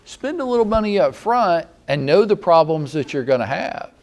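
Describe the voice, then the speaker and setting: A man with a Southern American accent giving a blunt, sarcastic, animated training talk to real estate agents. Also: fairly high pitch, moderate pace. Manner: blunt, sarcastic, mock-scolding.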